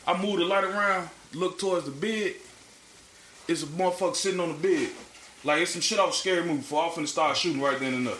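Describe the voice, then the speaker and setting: Profane, animated man telling stories in a roomy space. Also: a little high, fast. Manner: animated, profane storytelling with acted-out quotes. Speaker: podcast co-host. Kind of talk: casual storytelling chat. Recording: roomy echo, faint background noise.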